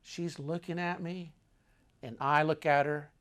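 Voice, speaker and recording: An older man telling a travel story with dramatic, animated delivery that swings between loud and hushed. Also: a little high, unhurried.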